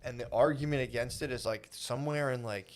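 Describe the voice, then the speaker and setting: A man's voice: mid-range voice, a little fast. Man, 30s, mid-range voice, podcast co-host, casual chat, mock-earnest, swears a lot.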